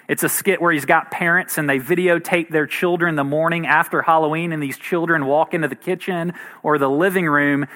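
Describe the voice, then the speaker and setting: A man's voice: fairly high pitch, pushed and bright. A man in his thirties, a pastor giving a sermon in a conversational, earnest way. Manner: conversational and earnest, with light laughs.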